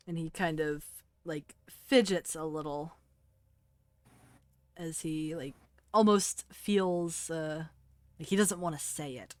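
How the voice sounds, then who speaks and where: Female game master, measured narration; low voice, slow pace. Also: fairly even intonation, a little mellow, no room sound.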